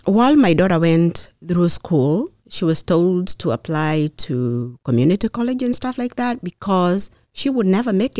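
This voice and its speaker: A middle-aged woman speaks in a lowish, earnest voice, taking her time and pausing to think as she tells her story. The sound is dry and close, with no room around it. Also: a little mellow, no room sound. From Kenya. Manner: measured, earnest, pauses with fillers. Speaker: mayoral candidate, guest. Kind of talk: personal storytelling in conversation.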